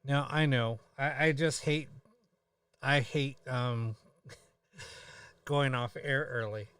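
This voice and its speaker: A tired man hosting a live stream, chatting casually in a halting way with many pauses and fillers. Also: medium pitch, fairly even intonation, fairly bright tone, clean tone, no room sound, clean studio sound, far from the mic. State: tired, yawning.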